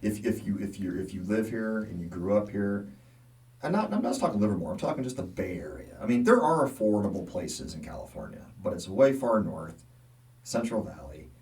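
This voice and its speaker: Middle-aged male podcast co-host, low voice, animated chatty storyteller, set back from the mic. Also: brisk, far from the mic. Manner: animated storyteller, laughs often, acts out quotes. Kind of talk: casual chat.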